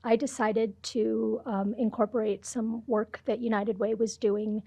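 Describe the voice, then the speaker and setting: A woman's voice: on the high side, level tone, measured pace, creaky, dark tone, no echo. A middle-aged woman from Ohio, a podcast guest answering questions in a hesitant way with frequent fillers. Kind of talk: interview answers.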